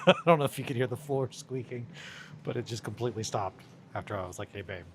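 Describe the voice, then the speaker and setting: A man's voice: mid-range voice, fast, vocal fry, noisy background. A man chatting casually and rambling with viewers from his home studio, self-mocking and swearing now and then. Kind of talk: casual chat.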